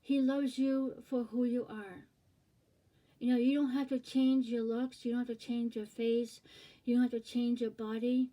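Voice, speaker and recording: Earnest, repetitive woman preacher; warm, slightly high voice. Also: little pitch movement, moderate pace, poor audio. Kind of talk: informal preaching to camera.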